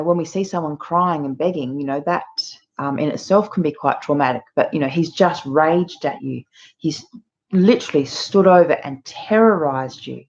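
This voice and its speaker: Low-voiced woman explaining earnestly, muffled. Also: a little mellow. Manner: earnest, explanatory, many fillers. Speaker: channel host. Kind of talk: talking to camera about abuse. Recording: muffled lo-fi audio.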